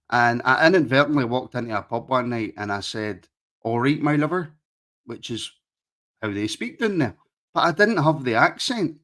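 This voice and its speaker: A man's voice: mid-range voice, a bit bright. A Scottish man with a Glaswegian accent, hosting a casual football podcast and teasing his co-host, often repeating his words as he talks. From Scotland.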